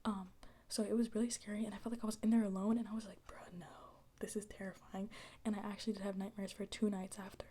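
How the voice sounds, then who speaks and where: A young ASMR creator rambles through a soft-spoken chat full of slang and easy asides, in a mellow, rounded, medium-pitched voice. She talks very fast with a flat delivery, slipping into breathy whispers between quiet stretches.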